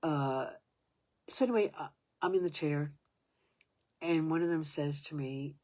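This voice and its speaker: A woman in her seventies telling a personal story in a halting way, restarting sentences and sometimes dropping to a whisper. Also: sits low, darkish tone. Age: 70s.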